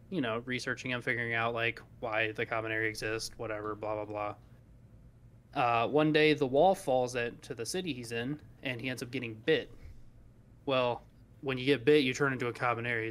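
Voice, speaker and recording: A man's voice: medium pitch, fairly bright tone. A man co-hosting a podcast in casual chat, rambling along, laughing and swearing as he talks. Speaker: podcast co-host.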